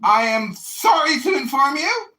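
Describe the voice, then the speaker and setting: A man voicing a prim, formal restaurant manager who speaks stiffly and loudly. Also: extremely high pitch, big pitch swings, measured pace, pitched above the performer's own voice, full character voice. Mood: stern. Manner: stiff, loud and indignant. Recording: echoey room, distant mic.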